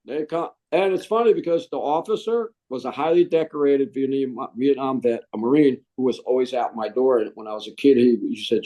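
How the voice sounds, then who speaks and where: A middle-aged man, a Marine veteran, telling his story in an interview, animated and acting out the voices he quotes. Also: mid-range voice, a little fast, hardly any pauses.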